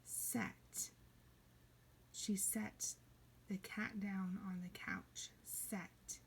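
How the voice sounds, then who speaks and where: A woman teaching a kindergarten reading lesson, playful, slipping into high excited cries and soft whispers. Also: drawn-out words, creaky.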